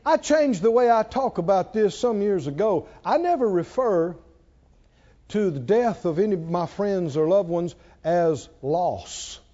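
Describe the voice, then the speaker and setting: A man preaching a sermon in a folksy, emphatic way that builds to shouting, recorded with dull lo-fi sound. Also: high voice, lively intonation, a little slow.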